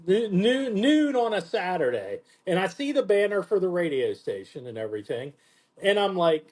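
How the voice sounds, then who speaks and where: High-voiced man telling a lively story. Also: normal speed. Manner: animated, profane, acts out quotes in a lower voice. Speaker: podcast host. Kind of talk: casual storytelling chat.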